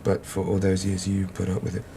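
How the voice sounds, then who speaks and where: TV drama: a measured GP, very low gravelly voice, faint noise. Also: male voice, monotone, mellow. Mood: calm. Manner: measured, probing. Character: calm GP hearing out a patient. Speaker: doctor.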